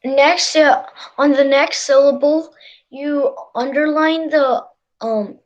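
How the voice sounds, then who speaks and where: Student, video call, hesitant answers, high voice. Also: female voice, fairly even intonation, slow pace, highs cut off. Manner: hesitant, with fillers. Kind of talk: answering in an online class.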